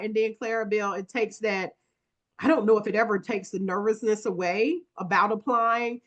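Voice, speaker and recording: A woman hosting an online applicant support call, talking in a lively, folksy way that urges listeners on. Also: medium pitch. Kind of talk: casual encouraging video call. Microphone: video call.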